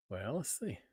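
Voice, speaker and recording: A man's voice: a little mellow, no echo, clean studio sound. A middle-aged man from Texas with a Texan accent, hosting a live stream in a folksy, friendly way and laughing at himself. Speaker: host.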